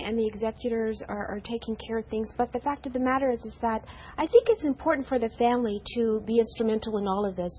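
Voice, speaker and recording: A woman in her fifties, a guest on a TV morning show, speaking earnestly and haltingly and often repeating words. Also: fairly high pitch, slight background noise. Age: 50s. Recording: slightly dull TV broadcast audio.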